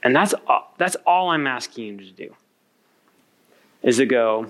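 A man's voice: mid-range voice, lively intonation, unhurried, pauses often, a bit bright. A man in his thirties speaking to an audience at a workshop, earnestly coaching the listeners.

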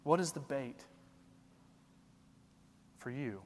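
A man's voice: mid-range voice, lively intonation, slow pace, big-room sound. A man preaching a sermon, building emphasis and asking rhetorical questions. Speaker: pastor.

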